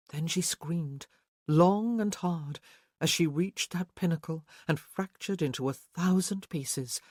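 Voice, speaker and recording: Slow, dry-sounding audiobook narrator. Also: mid-range voice, a little mellow, dry recording.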